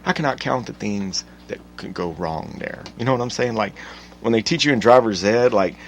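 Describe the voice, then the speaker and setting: Gravelly, profane man ranting. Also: lowish voice, moderate pace, a little hiss or hum. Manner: animated, profane, swings from mutters to loud outbursts. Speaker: podcast host. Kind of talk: profane solo rant.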